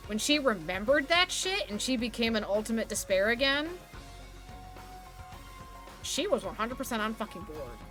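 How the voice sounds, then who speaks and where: A woman streaming a game live, chatting casually with plenty of swearing and reading the characters' lines aloud with gusto. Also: mid-range voice. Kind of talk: live let's-play commentary. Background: game music.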